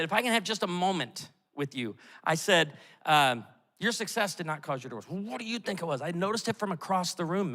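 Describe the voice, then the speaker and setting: A middle-aged man preaching a sermon as pastor, animated and storytelling, acting out the voices he quotes. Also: high-pitched. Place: large church auditorium. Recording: long hall reverb from a church auditorium.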